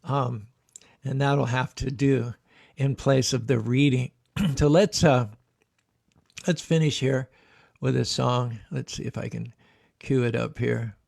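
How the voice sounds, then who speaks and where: A man's voice: medium pitch, fairly even intonation, takes it slowly, gravelly, pauses often, a little mellow. A man hosting his own show, telling a story with chuckles and then rapping a song and leading the listeners in a call-and-response chant. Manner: chuckles while recalling, rhythmic chanting when rapping. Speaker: show host.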